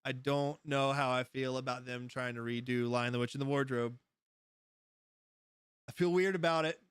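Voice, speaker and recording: A man's voice: medium pitch, steady tone, normal speed, fairly bright tone, clear, resonant tone, dry recording, clean studio sound. A man hosting a casual live stream, rambling through stories, laughing often as he goes and answering his chat. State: high. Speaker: livestream host.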